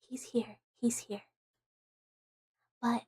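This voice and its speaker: A woman's voice: high voice, unhurried, warm tone, breathy edge, dry recording. A woman streaming ASMR, talking in a whispered role-play in a rambling way with many fillers, close to the mic.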